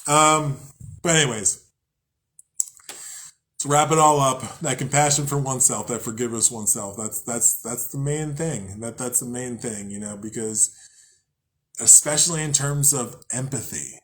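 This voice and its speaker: A young man hosting a podcast rambles loosely about spirituality in a mid-range, slightly bright voice at normal speed. He swears often, laughs at himself, and sometimes acts out angry voices.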